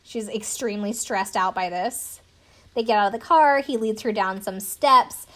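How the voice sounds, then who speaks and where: A woman's voice: medium pitch, moderate pace, fairly bright tone. Chatty sarcastic woman in her twenties. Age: 20s. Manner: chatty and sarcastic, swears casually. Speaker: podcast host recapping a reality show. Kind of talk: casual chat.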